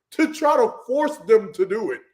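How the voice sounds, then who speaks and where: High-voiced, laughing co-host man. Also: sing-song, slow, darkish tone. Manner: laughing, incredulous, slangy. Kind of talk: casual chat.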